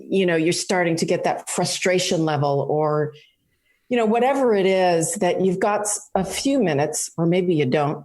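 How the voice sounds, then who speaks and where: A woman's voice: fairly low pitch, darkish tone. A woman calling in to a podcast Q&A, searching for words with many "you know"s. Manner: halting, lots of "you know" and "kind of". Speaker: caller asking a question. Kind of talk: casual call-in question.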